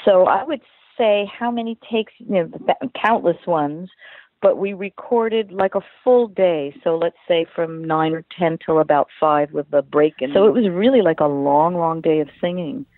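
An older woman tells stories as an interview guest in a chatty, lively manner. Her voice sits a bit low. It comes through a tinny, dry phone line. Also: moderate pace, dry recording. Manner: chatty, storytelling, animated quotes. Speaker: singer and voice actress, guest. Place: home in California.

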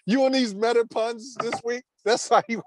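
A man's voice: extremely high pitch, a bit bright, slight background noise. A man hosting a podcast, teasing his co-host and laughing often in casual chat.

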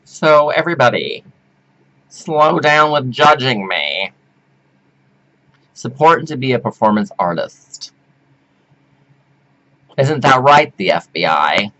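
A man rambling theatrically to his webcam at home, whooping, giggling and flipping between shrill squeals and low mutters. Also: big pitch swings, slow pace, pauses often, fairly bright tone, muffled recording. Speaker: performance artist vlogger. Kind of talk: rambling camp monologue to webcam.

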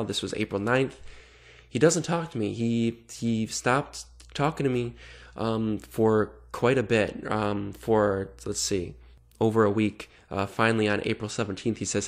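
A man's voice: on the low side, a little fast, soft background music. A man hosting a channel that exposes online predators. He reads chat messages aloud in casual commentary, and his tone is sarcastic and exasperated.

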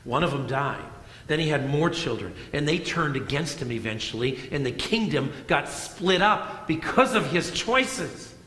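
A middle-aged man preaching a sermon as pastor, moving between loud emphatic lines and soft hushed ones. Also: a little high, sing-song, measured pace. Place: church sanctuary. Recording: echoey church hall.

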